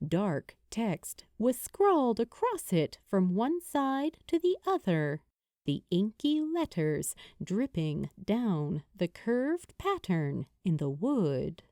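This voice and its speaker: A woman narrates a fantasy novel, unhurried and deliberate, her mellow voice rising and falling with the story. The sound is dry and close, with no room around it. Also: mid-range voice, no room sound. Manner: measured, expressive storytelling. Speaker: audiobook narrator. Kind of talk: scripted narration.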